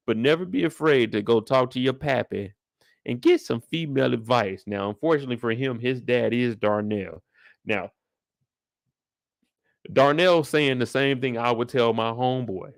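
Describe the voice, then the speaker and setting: A young man riffing through a live after-show breakdown in loose, slangy talk, cracking jokes and calling out the characters by name. His voice is pitched in an ordinary middle range. It sounds dry and close, with almost no room echo. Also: normal speed, gravelly. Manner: slangy, joking, talks straight to the characters. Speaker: TV recap host.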